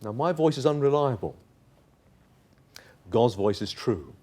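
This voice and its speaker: A pastor preaching a sermon, putting direct questions to the congregation and building to urgent, impassioned pleading. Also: male voice, mid-range voice, lively intonation, a little slow, long pauses, warm tone. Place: chapel.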